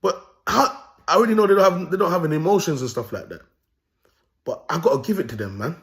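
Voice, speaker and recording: A man's voice: fairly high pitch, expressive, fast talker, fairly bright tone. A young man with a London accent hosting his own video, ranting in comic commentary, swearing freely and laughing at his own jokes. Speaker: host.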